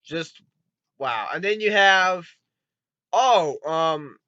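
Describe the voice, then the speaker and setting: A man giving a rambling, excitable spoken movie review, swearing often and retelling scenes with quick put-on voices. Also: sits high, no room sound, muffled recording. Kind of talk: casual spoken film review.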